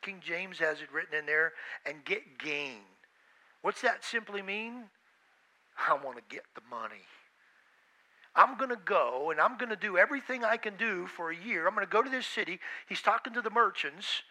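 Guy preaching a sermon, really bright sharp tone, keeps hammering the same lines. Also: sits high, lively intonation, normal speed, poor audio. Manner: emphatic, repeats phrases, acts out quoted voices. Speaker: pastor.

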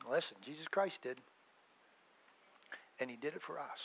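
A middle-aged male pastor preaching a sermon with emphatic swings between loud declarations and hushed asides. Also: medium pitch, rough recording.

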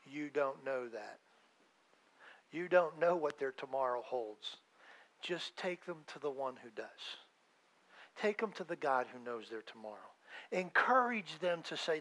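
Emphatic preaching man, fairly high voice. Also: lively intonation, moderate pace. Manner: conversational preaching, swinging between loud emphasis and quiet asides. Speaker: pastor. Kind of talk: sermon.

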